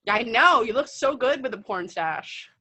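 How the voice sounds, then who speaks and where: A woman co-hosting a podcast in casual chat, quick to react and to tease. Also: on the high side, lively intonation, sharp tone, husky. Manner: teasing, reacts with gasps and quick jokes. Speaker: podcast co-host.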